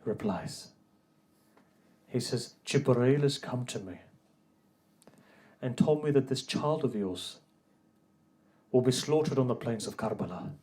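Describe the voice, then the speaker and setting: A man's voice: lively intonation, measured pace, pauses often, slightly rough. Impassioned male preacher, voice rising. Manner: builds from soft storytelling to loud, high, grieving recitation. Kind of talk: Muharram sermon, rising to impassioned chanting.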